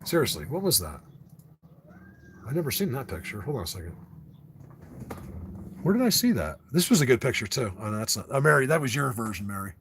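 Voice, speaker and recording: A man's voice: mid-range voice, very animated, brisk, long pauses, a bit bright, a little hiss or hum. A man hosting a casual livestream, rambling and ranting to his viewers with frequent restarts. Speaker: livestream host.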